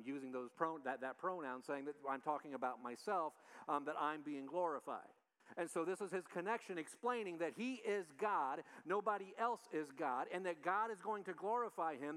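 A man's voice: a little high, a bit bright. A man leading an informal Bible study, talking through the passage in a conversational way with frequent restarts. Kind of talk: informal Bible teaching with slides.

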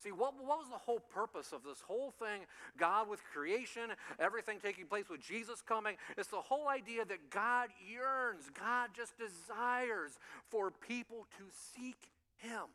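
A man preaching a sermon to a congregation in animated storytelling style, acting out voices and chuckling along the way. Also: sits high, normal speed, hardly any pauses, long reverb tail. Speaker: pastor. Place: church sanctuary.

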